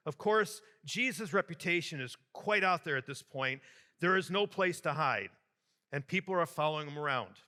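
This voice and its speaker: Bright-voiced joking bishop preaching. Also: male voice, fairly high pitch, normal speed. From Michigan, US. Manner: jokey, animated storyteller addressing a crowd. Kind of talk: homily to a youth conference. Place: large hall with a youth audience.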